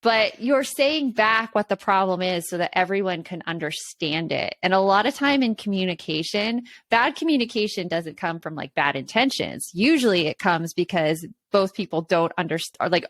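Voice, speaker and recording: A woman's voice: lowish voice, animated, moderate pace, few pauses, a bit bright. A woman co-hosting a casual parenting podcast, explaining earnestly with examples from her own home. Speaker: podcast co-host.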